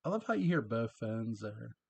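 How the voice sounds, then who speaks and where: A man's voice: mid-range voice, big pitch swings, moderate pace, vocal fry, a little mellow, slightly rough, dry recording. Chatty man recapping a show episode. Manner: chatty, chuckles at his own asides. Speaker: episode reviewer. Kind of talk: casual recap and commentary.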